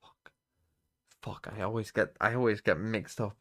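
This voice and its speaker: Man, low voice, casual streamer, mutters and swears, talks to himself. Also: steady tone, normal speed, bright, forceful tone. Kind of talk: casual live-stream commentary.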